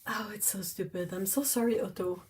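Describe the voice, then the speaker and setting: A woman hosting a casual livestream from home, chatty and exclamatory with frequent laughs, cooing softly at her cats. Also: medium pitch, brisk, rough recording. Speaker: livestream host.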